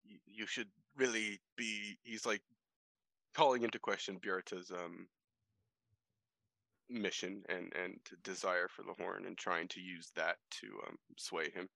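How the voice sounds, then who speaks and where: A man takes part in a tabletop game and talks hesitantly, filling pauses as he thinks. His voice is lowish and bright, and the sound is dry. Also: fairly even intonation, gravelly, no echo, poor audio. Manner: hesitant, with many fillers. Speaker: player. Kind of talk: casual tabletop play.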